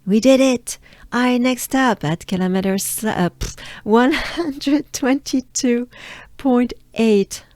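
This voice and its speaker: A woman with a French accent, a native of France, teaching pronunciation by slowly repeating words and coaxing the listener to say them along. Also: medium pitch, a little mellow, no room sound. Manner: slow, drills words with repetition, coaxing. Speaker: pronunciation coach. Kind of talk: pronunciation lesson.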